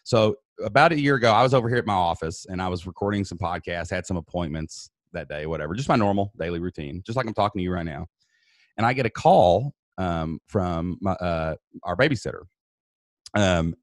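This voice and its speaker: Low-voiced man in his thirties, earnest storyteller on a podcast mic, dry close sound. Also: no echo. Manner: earnest, builds intensity while retelling. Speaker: podcast guest. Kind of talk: emotional personal storytelling.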